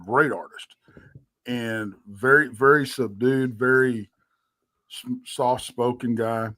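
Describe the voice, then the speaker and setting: A man's voice: mid-range voice, steady tone, takes it slowly, pushed and bright, no echo. A middle-aged man, co-hosting a live talk show and telling folksy stories with laughs. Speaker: co-host. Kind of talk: casual storytelling chat.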